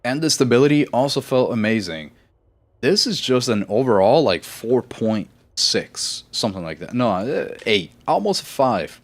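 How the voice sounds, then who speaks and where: A man's voice: mid-range voice, sing-song, measured pace. A man streaming a game live, chatting casually in a rambling, self-correcting way and laughing easily.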